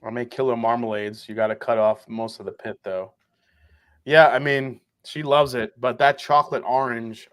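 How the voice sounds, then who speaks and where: A man with an average-pitched voice chats as a guest on a live whiskey stream. He rambles through stories, cracks jokes and swears casually. His tone is loose and conversational. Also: fairly even intonation, normal speed, a bit bright.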